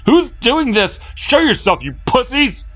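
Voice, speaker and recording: A man voicing a panicked, broke man trapped in his own house, shouting in a high, strained voice. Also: sing-song, unhurried, no echo, soft background music, heavily acted. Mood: desperate shouting.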